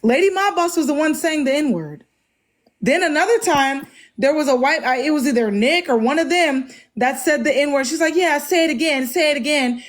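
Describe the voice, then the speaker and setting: A woman hosting a live stream, angrily confronting someone with heavy swearing. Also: sits high. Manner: angry, confrontational, heavy profanity. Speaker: livestream host. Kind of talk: heated live-stream argument.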